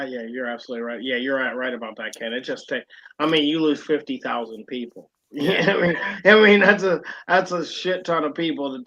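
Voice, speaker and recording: A man's voice: medium pitch, a bit bright, dull audio. A man co-hosting a wrestling podcast, talking casually and rambling with lots of fillers. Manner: rambling, lots of fillers and "you know what I mean". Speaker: podcast co-host.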